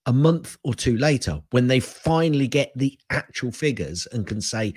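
An older man chatting on a tech podcast in a husky voice that rises and falls a lot. He sounds wry and likes a rant, laughing as he goes. His mic sounds close and dry. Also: medium pitch, expressive, normal speed, hardly any pauses, a little mellow, no echo. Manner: wry, ranting, laughs often. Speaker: podcast co-host. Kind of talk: casual tech podcast chat.

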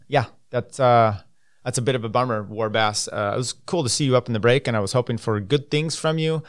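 A man's voice: mid-range voice, brisk, no room sound, studio quality. Rambling casual male podcast host. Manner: loose and rambling, many fillers, offhand asides. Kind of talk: casual solo podcast, reading and commenting on news.

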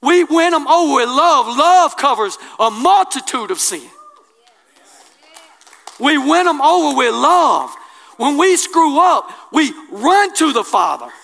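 A man preaching a sermon, colloquial and impassioned, swinging from hushed asides to loud declarations. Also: very high voice, big pitch swings, slow pace, vocal fry.

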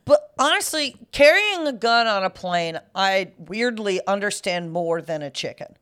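A woman's voice: mid-range voice, animated, a little slow, a bit bright, smooth. A woman co-hosting a casual chat about news, playful and jokey, laughing often and swearing casually. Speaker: co-host.

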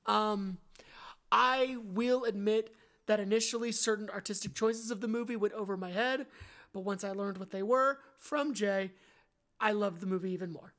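A woman's voice: mid-range voice, moderate pace, a bit bright. A woman co-hosting a film podcast, talking in a thoughtful, candid way and often correcting herself mid-sentence. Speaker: podcast co-host. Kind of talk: casual film review chat.

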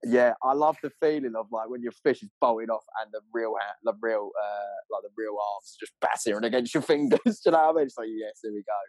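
Fast-talking man telling a fishing tale. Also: medium pitch, dry recording. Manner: animated, rambling, full of fillers. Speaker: angler guest. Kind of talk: excited storytelling. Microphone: clip-on mic.

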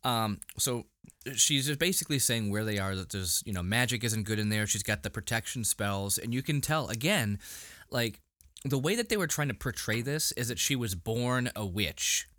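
A man's voice: lowish voice, expressive, moderate pace, a bit bright, dry recording, clean studio sound. A man co-hosting a casual podcast, recapping a TV episode with frequent fillers and restarts. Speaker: podcast co-host. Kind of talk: casual episode review chat.

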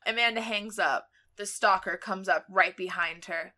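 A woman's voice: mid-range voice, fairly even intonation, measured pace, hardly any pauses, pushed and bright, soft background music. A young woman co-hosting a podcast, reading fan fiction aloud with frequent laughter and asides. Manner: laughs often, reads stiffly then comments. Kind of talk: giggly comedic read-aloud with silly voices.

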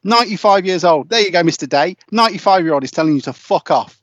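A man's voice: sits high, lively intonation, fast talker, fairly bright tone, no echo, muffled recording. A man hosting a casual football podcast, ranting and swearing in exasperation. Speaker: podcast host.

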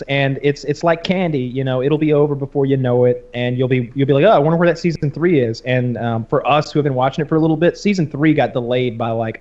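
A man co-hosting a podcast in casual chat, telling stories animatedly. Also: medium pitch. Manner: animated storyteller, acts out cartoon voices. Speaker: podcast co-host. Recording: slightly dull lo-fi sound.

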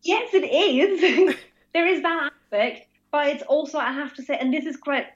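A woman's voice: sits high, normal speed. An Austrian woman with a German first language, speaking English with a mixed British-Irish lilt, chatting as a podcast guest with frequent restarts and laughing asides. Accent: Austrian with British and Irish English traces. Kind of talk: casual conversation. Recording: slightly dull lo-fi audio.

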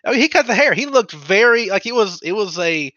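A man's voice: sits high, lively intonation, quick pace, pushed and bright, no room sound, lo-fi sound. A man in his thirties co-hosting a podcast, telling rambling, profane stories in casual chat. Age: 30s. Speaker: podcast co-host.

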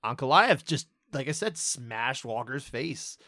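Chatty male podcast co-host, mid pitch, dry close-miked sound, casual banter. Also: expressive, sharp tone, no room sound. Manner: chatty, quick asides, laughs easily. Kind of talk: casual chat.

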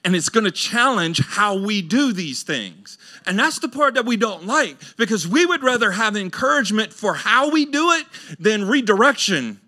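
A middle-aged man preaches a sermon in a church, his voice pitched high and ringing bright. He talks in a loose, colloquial way, acting out listeners' voices. He swings from loud, soaring exclamations down to quiet, low asides. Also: big pitch swings, moderate pace. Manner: colloquial, acts out listeners' voices, laughs often. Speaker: pastor. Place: church sanctuary.

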